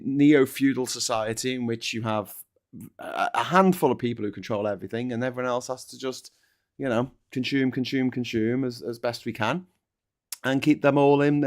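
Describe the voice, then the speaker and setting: A man hosting a casual political chat show, sarcastic and sweary, slipping into mocking voices. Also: medium pitch. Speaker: podcast host.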